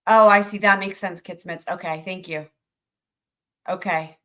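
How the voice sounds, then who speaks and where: Bright-voiced woman ranting incredulously. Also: lowish voice, a little slow. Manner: animated, incredulous, swearing freely. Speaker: livestream host. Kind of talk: casual trial recap commentary.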